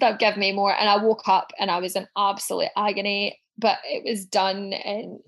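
A woman recounting a personal story with blunt, unfiltered honesty, swearing freely. She slips into the voices of the people in her story as she quotes them. Her pitch sits in the middle range for a woman. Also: little pitch movement, normal speed, hardly any pauses, a bit bright. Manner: frank, sweary, acts out quoted dialogue.

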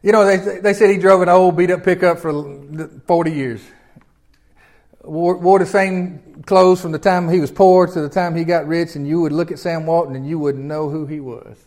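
An older Southern man delivers a sermon with a notably high voice for a man. He preaches in a folksy, homespun way and keeps turning to the congregation with questions. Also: fairly even intonation, normal speed, darkish tone. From Memphis, Tennessee. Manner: folksy, conversational, peppered with rhetorical questions to the congregation. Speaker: pastor.

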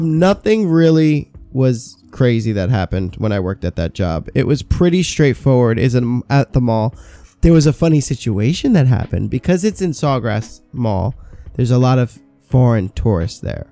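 A man's voice: medium pitch, animated, normal speed, warm tone, dry recording, soft background music. A man in his thirties, a podcast co-host, telling stories about old jobs in casual chat, swearing freely. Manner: swearing, storytelling with quoted asides.

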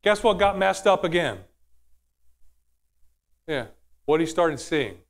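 A man's voice: a little high, expressive, takes it slowly. A man preaching a sermon in a conversational way, often asking the audience questions.

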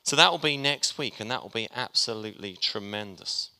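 A man's voice: on the low side, animated, a little fast, creaky, sharp tone. A man preaching a sermon, chatty and joking with his congregation as he talks. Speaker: pastor. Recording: long hall reverb.

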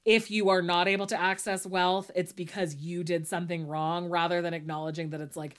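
A woman's voice: lowish voice, little pitch movement, brisk. A woman co-hosting a casual podcast chat, thinking aloud, sometimes ranty, often trailing off and restarting her sentences. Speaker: podcast co-host.

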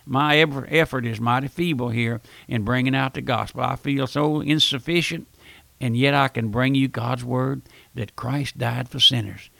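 A man's voice: medium pitch, fairly even intonation, normal speed, creaky, pushed and bright, dry recording. An older man preaching a pleading, urgent radio sermon as a radio preacher. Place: radio broadcast recording.

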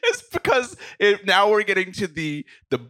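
A man co-hosts a relaxed livestream chat, joking and chuckling as he talks. His voice is bright and swings widely in pitch, and the sound is dry and close. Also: moderate pace, no echo. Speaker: podcast co-host. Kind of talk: casual chat on a livestreamed show.

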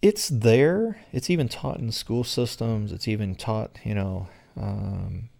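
A man's voice: lowish voice, slow pace, gravelly, warm tone. A middle-aged American man answering interview questions in a rambling way, full of fillers. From United States. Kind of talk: conversational interview.

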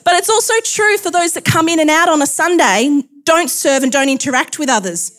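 Woman preacher, high voice, chatty and self-deprecating. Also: animated, fast, hardly any pauses, a bit bright. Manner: chatty, laughs often, self-deprecating asides. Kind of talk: sermon.

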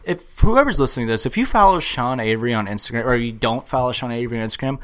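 A man co-hosting a podcast in casual sports chat, excitable and swearing a lot, full of "like" fillers. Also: mid-range voice, racing. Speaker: podcast co-host.

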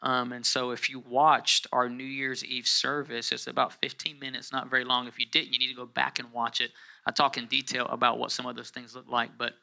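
A pastor giving a casual, conversational sermon, calling on the congregation to repeat words and rising to loud, emphatic scripture reading. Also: male voice, mid-range voice, level tone, brisk, creaky.

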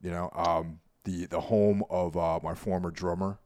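A man with a New York accent, co-hosting a podcast in a laid-back, rambling way that trails off quietly. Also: low-pitched, fairly even intonation, unhurried, no room sound, clean studio sound. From Carmel, New York. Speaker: podcast co-host. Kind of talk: casual chat.

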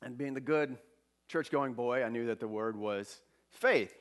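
Guy giving a church talk, chatty, pokes fun at himself, mid-pitched voice. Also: measured pace. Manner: conversational, self-deprecating, humorous. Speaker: speaker at a church service. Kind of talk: spiritual talk.

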